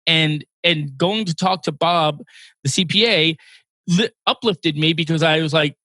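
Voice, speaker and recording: A man's voice: on the high side, a little slow, pushed and bright, no echo. A man in his sixties hosting a podcast, telling earnest personal stories in casual conversation. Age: 60s. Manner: earnest storytelling, emotional at times. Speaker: podcast host. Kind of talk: casual interview chat.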